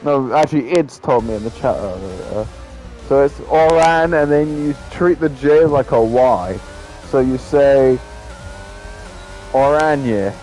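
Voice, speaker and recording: A man's voice: mid-range voice, a little slow, warm tone, faint music behind, low-quality recording. A man giving casual live commentary on a sim race, with lots of filler ums and a loose, chatty way of talking.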